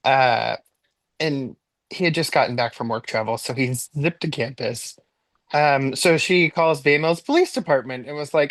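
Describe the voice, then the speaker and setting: A man's voice: moderate pace, no echo. Chatty man telling a funny story. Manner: animated, jumps high in pitch when replaying his own panic; chatty with frequent likes and ums. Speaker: podcast guest. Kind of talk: casual storytelling.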